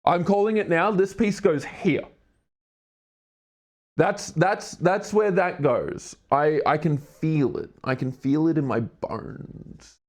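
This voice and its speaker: Doing a jigsaw puzzle on a live stream, this Australian-accented man in his twenties rambles, makes self-mocking jokes and swears casually. He speaks slowly in a slightly high voice.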